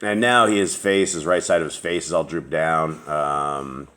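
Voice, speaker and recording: Deep-voiced man in rambling casual chat. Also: fairly even intonation, unhurried, fairly bright tone. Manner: rambling, with many fillers and restarts. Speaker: host.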